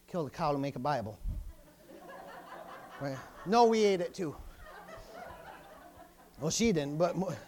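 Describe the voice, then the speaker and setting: A man preaching a sermon, folksy and joking at times, building up to shouts with many hallelujahs and praise the Lords. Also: fairly high pitch. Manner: folksy, jokey asides. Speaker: pastor.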